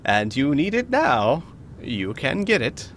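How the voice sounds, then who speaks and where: A man's voice: medium pitch, wildly swooping pitch, slow pace, slight background noise. A man narrating as game master of a tabletop game, talking casually with frequent hesitations. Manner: casual, hesitant with many fillers.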